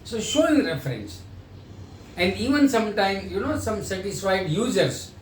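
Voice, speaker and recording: Very animated, with a voice that sits high and a normal speed, a man runs a sales training lecture, explaining things and acting out sales dialogues. He's heard from a distance in an echoey room with faint background noise.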